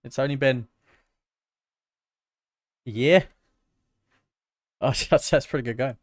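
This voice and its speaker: A man from Britain, a music producer casually chatting with his livestream viewers in a relaxed, self-mocking way. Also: medium pitch, takes it slowly, dry recording, studio quality.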